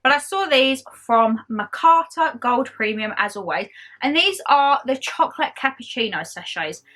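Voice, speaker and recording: With a high-leaning voice, lively intonation and a moderate pace, a young woman speaking in mixed Essex and Geordie English rambles happily to camera about her haul. Her tone is bright and forceful.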